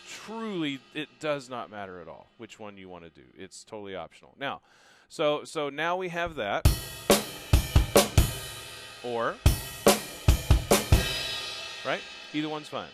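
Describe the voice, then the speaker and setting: Male drum instructor, casual, shouts hits over a loud drum kit, mid pitch. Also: sing-song, normal speed, long pauses, loud music behind the voice. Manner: calls out drum hits loudly, casual asides softer. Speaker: drum teacher. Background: drum kit playing.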